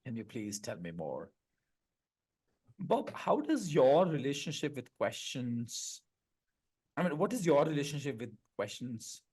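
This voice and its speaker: A man with a husky, slightly rough voice, hosting a podcast over a video call. He asks questions thoughtfully and often rephrases them as he goes. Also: mid-range voice, big pitch swings, a little slow, a little mellow. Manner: reflective, stacks up rephrased questions. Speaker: podcast host. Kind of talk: interview questions.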